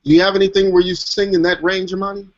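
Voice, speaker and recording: Guy host rambling with lots of ums, slightly high voice, lo-fi call. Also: flat delivery, quick pace. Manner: rambling, many ums and restarts. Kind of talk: casual chat. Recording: dull lo-fi call audio.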